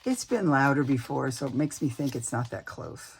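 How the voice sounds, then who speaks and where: A woman's voice: rumbling low, expressive, moderate pace, creaky, a little hiss or hum. A woman chatting casually to viewers as she works on a craft project at home, talking to herself and sometimes dropping to a whisper. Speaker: crafting vlogger.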